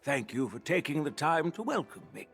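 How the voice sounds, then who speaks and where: A humble ancient general. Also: male voice, on the high side, sing-song, normal speed. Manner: modest, soft-spoken. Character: very old male general and smith, humble and weary. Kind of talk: game voice acting.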